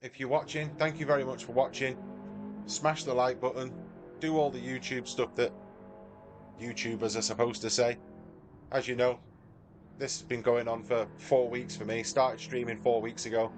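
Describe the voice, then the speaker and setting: A man's voice: medium pitch, flat delivery, normal speed, music in the background. A man with a Mancunian accent, commentating his live sim-racing stream and chatting with viewers by name. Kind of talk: live gameplay commentary and chat.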